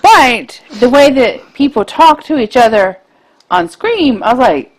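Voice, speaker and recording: A woman in her thirties co-hosting a podcast, chatting casually and gushing with excitement about films she loves. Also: high voice, a little slow. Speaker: podcast co-host. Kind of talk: casual chat.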